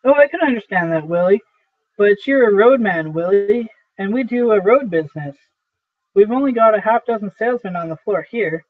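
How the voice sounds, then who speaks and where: A man's voice: sits high, animated, moderate pace. A man reading as an offhand young boss. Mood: dismissive. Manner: chatty, offhand. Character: brisk young male boss, gadget-obsessed, dismissive. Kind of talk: amateur play reading. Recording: tinny phone-like audio.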